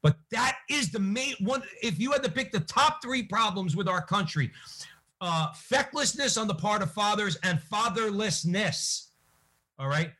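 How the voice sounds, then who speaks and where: A man's voice: high-pitched, lively intonation, measured pace, bright, forceful tone, husky. A man hosting a podcast, speaking earnestly and urging listeners to act. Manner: earnest, exhorting. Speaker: podcast host. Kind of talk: earnest interview talk.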